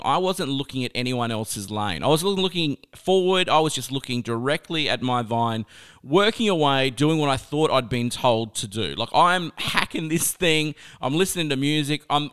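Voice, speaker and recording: A young man telling a personal story with a lesson, chatty and animated, often laughing as he talks. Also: on the high side, smooth. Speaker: speaker sharing a life lesson.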